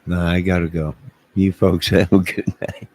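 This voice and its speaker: A man's voice: low-pitched, flat delivery, moderate pace, darkish tone. A man livestreaming, joking with his chat in a mock-indignant way and talking back to viewers.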